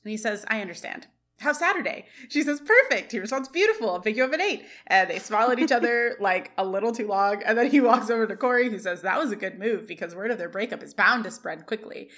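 A woman's voice: medium pitch, quick pace, fairly bright tone. A woman co-hosting a podcast, retelling a sitcom episode scene by scene and quoting lines between laughs. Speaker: podcast co-host. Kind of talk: casual recap chat.

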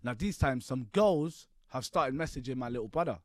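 A man's voice: medium pitch, lively intonation, moderate pace, dry recording. A man in his twenties, a podcast guest telling a story in slangy talk and often laughing as he goes. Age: 20s. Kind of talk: animated storytelling.

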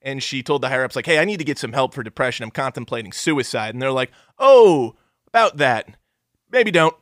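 A man's voice: mid-range voice, racing, a bit bright, no echo, studio quality. A man co-hosting a podcast in casual, profane, joking chat. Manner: profane, joking, slips into mocking voices. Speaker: podcast co-host.

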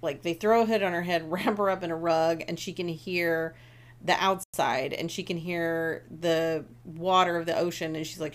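Lowish voiced woman podcaster, chatty recap, swears a lot, does little voices for the characters. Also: normal speed. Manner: animated, swears freely, acts out characters' lines. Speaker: podcast co-host. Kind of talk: casual book recap chat.

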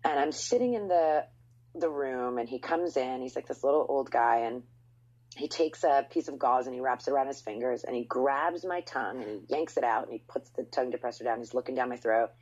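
Husky low-voiced woman, lo-fi. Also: brisk. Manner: animated storytelling, swooping up in pitch for emphasis. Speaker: podcast host. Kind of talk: casual chat. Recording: dull lo-fi sound.

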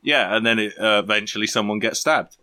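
A man's voice: on the low side, fairly quick, pushed and bright. A man hosting a podcast, bantering casually and joking at his own expense, recorded on a poor mic. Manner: joking, self-deprecating banter. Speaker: podcast host. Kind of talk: casual chat. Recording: poor mic, slightly distant.

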